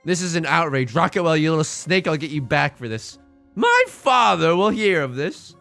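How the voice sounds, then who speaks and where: Give me a man doing a furious, pompous lord in a game, high and bright. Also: very animated, moderate pace, gravelly, no room sound, faint music behind, exaggerated voice. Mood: indignant. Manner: blustering, insulting, theatrical outrage. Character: pompous indignant male noble lord.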